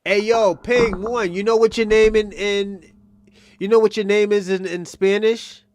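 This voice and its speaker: High-pitched man ranting on a stream. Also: steady tone, measured pace, a little mellow, dry recording. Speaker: livestream host. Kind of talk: casual livestream commentary addressing chat.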